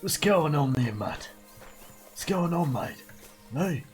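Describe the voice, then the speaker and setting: A man's voice: fairly high pitch, lively intonation, slow pace, a little mellow, faint music behind. Swearing Australian man playing a game. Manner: rowdy, swearing, jokey, talks to the game's dog. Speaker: game streamer. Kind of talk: casual gameplay commentary.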